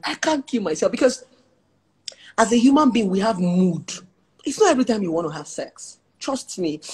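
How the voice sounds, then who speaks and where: A woman with a Nigerian accent speaks as a talk show guest, chatting candidly. Her voice is slightly husky and sits at a middling pitch for a woman. She tells personal stories with lively, laughing energy. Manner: animated, frank, laughs while telling stories. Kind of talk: casual chat and personal storytelling.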